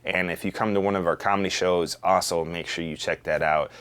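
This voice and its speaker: Low-voiced man hosting a comedy chat. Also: fairly quick, clear, resonant tone. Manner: animated storytelling with laughs. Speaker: comedy show host. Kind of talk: casual chat and show plugs.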